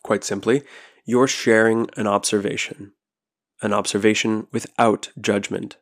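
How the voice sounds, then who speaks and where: A man hosting a solo podcast, speaking in a calm, reflective way and posing rhetorical questions to the listener. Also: lowish voice, unhurried. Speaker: podcast host.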